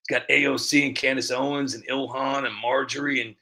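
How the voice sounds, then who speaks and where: A man's voice: medium pitch, fairly even intonation, a little fast, gravelly, pushed and bright. A man hosting a live stream who rambles in a casual, sarcastic, self-mocking way between clips. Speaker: streamer host.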